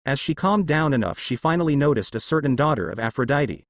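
A man reading a fan fiction story aloud, moving briskly through the narration and lifting his voice a little for the quoted lines. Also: mid-range voice, animated, no echo.

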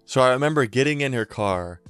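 A young man from Connecticut telling a casual, profane story in a storytime vlog, with laughter and drawn-out asides. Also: mid-range voice, lively intonation, a bit bright, clear, resonant tone, dry recording. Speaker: vlogger.

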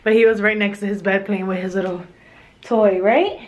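A woman's voice: medium pitch, fairly even intonation, moderate pace, a little mellow. A young woman, a vlogging mother, talking to camera in an emotional, chatty way full of "like" fillers, from inside a car. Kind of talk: casual vlog talk to camera. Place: inside a parked then moving car.

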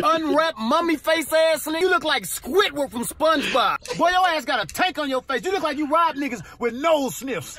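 A man recording a shout-out and then firing off crude roast jokes at the hosts. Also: very high-pitched. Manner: rapid-fire crude jokes.

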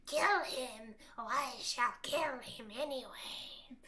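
A woman voicing a menacing male dark lord in whispered role-play, with a raspy, hissing whisper and slow, drawn-out threats. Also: high voice, full character voice.

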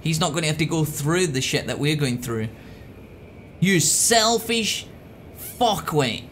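Crude, excitable high-voiced gamer. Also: male voice, a little fast, slight background noise. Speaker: let's play host. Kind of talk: profane gameplay commentary.

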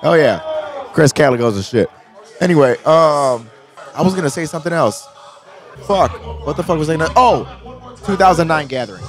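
Animated, swearing man telling stories. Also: a little high, normal speed, pauses often, a faint crowd. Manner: animated storyteller, swears freely, acts out quotes. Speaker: podcast co-host. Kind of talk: casual chat.

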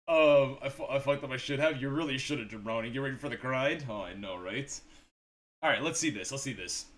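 Excitable young male streamer, lively pitch. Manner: excitable, swears, laughs a lot, greets chat. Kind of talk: live gaming stream chat.

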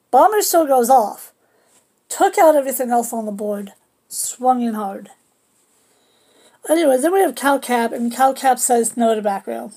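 Woman, high voice, casual deck walkthrough, cheeky trash talk and silly sound effects. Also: a little mellow. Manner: playful, trash-talking, with goofy sound effects. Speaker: card game deck presenter. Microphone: camera on a table.

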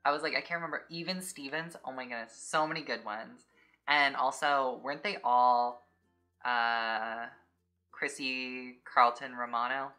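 Woman, young adult, low pitch, casual vlog host, chatty filler-heavy talk. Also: fairly even intonation, unhurried, bright, forceful tone, faint music behind. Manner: chatty, peppers speech with "like". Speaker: YouTube host.

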